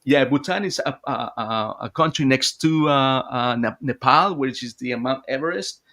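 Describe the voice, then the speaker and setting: A man's voice: medium pitch, moderate pace, pushed and bright. Hesitant man explaining a slide. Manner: hesitant, stumbling. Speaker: host. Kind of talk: casual interview chat.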